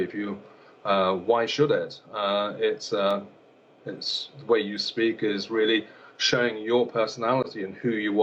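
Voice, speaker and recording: Hesitant low-voiced man, muffled sound. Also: slight background noise. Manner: hesitant, many fillers and repeated words. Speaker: elocution teacher. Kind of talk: broadcast interview answers.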